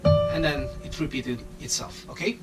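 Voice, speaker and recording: A man with a somewhat high voice teaches a keyboard lesson, walking through each step in slightly non-native English and checking in with "okay?" along the way. He sits a little away from the mic, and loud piano playing runs under his speech. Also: normal speed, distant mic. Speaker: music teacher.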